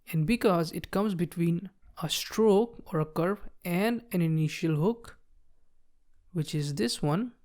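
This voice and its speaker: Female tutor, lowish voice, patient walkthrough narration of writing strokes. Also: a little mellow. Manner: patient, explains while writing, frequent "okay, so see". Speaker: shorthand teacher. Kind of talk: step-by-step tutorial.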